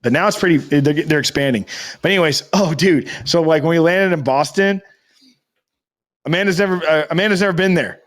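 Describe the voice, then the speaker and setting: A man's voice: fairly high pitch, fairly quick. A man co-hosting a podcast, rambling through a casual story with loose swearing. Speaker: podcast co-host. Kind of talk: casual chat.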